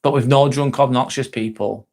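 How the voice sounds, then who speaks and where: In this casual live-stream, a man chats with viewers, reads their comments out, and now and then laughs or swears. He has a mid-range, slightly mellow voice with fairly even intonation and a moderate pace.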